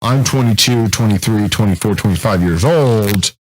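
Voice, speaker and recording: A man in his thirties co-hosting a casual podcast chat, telling stories in a profane, animated way. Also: on the low side, moderate pace, low-quality recording. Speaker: co-host.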